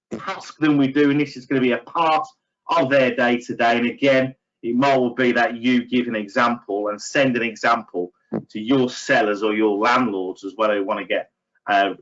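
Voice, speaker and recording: A man's voice: medium pitch, fairly bright tone, lo-fi sound. A middle-aged man giving a webinar training talk to estate agents, chatty, with many fillers and self-deprecating asides.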